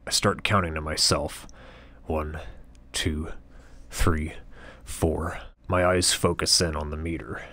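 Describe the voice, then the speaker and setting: A man narrating an audiobook in the first person, in a measured, cool, detached tone. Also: a bass voice, little pitch movement, sharp tone, no room sound.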